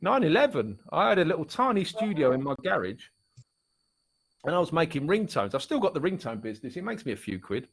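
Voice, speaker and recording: A chatty middle-aged man with an Essex English accent, talking casually as a guest. His voice sits a little higher than most men's, and he drifts from point to point, stopping and restarting mid-sentence. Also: sing-song, brisk, vocal fry, a bit bright, husky. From Essex, England. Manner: rambling, chatty, many restarts. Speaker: musician and author guest. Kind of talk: casual chat.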